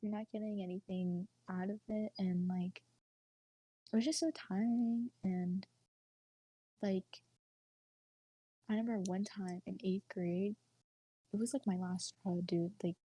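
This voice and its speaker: A young woman sharing a personal story on a casual podcast. Her voice is husky and mellow, and her speech is full of fillers. She often drops into a hushed near-whisper. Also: mid-range voice, fairly even intonation, a little slow, pauses often, dull audio. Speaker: podcast co-host.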